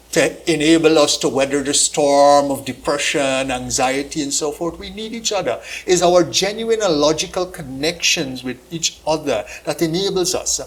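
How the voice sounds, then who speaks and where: A man with a Guyanese accent, a religious leader on a panel, speaking slowly and asking rhetorical questions. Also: on the high side. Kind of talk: panel discussion.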